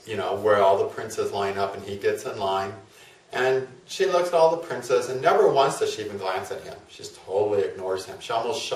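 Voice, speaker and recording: A man, an astrologer, retelling a myth in a chatty, casual lecture full of fillers and tag questions. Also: fairly low pitch. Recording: roomy, from a distance.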